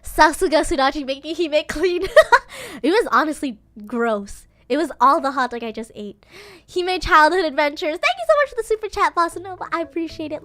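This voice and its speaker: A woman streamer telling a story in casual livestream chat, animated and giggly, playfully dramatic. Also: sits high.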